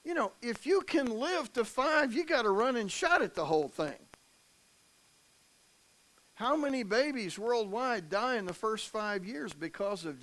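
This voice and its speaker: A man's voice: extremely high pitch, fairly bright tone, low-quality recording. A man preaching a sermon in a church, talking to the congregation in a conversational way and often asking them questions.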